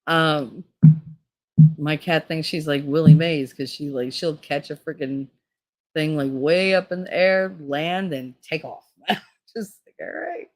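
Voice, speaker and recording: A deep-voiced middle-aged woman vlogs at a slow pace, talking candidly and loosely. She laughs frequently and swears freely as she rambles on.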